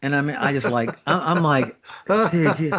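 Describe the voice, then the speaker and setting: A man's voice: fairly high pitch, normal speed, a bit bright. A middle-aged man, a trauma surgeon and regular podcast guest, telling anecdotes in casual chat, laughing as he goes and acting out quotes. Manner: chatty storyteller who laughs through anecdotes and acts out quotes.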